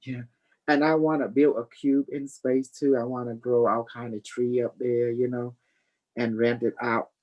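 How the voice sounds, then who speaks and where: A man's voice: mid-range voice, little pitch movement, moderate pace, warm tone, muffled recording. A man hosting a live stream, rambling loosely and preaching, dropping "you know" and calling people honey. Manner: affectionate, calls listeners honey. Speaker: livestream host.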